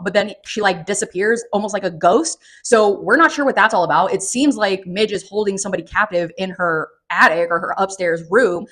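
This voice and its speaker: A woman giving a casual, profane and sarcastic spoken book review, recapping the plot with animated energy. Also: medium pitch.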